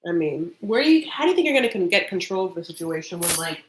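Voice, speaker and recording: On her live reaction show, a woman with a lowish voice talks fast, her pitch swinging widely. It's casual, sassy commentary, heavy on fillers such as "like" and "honey."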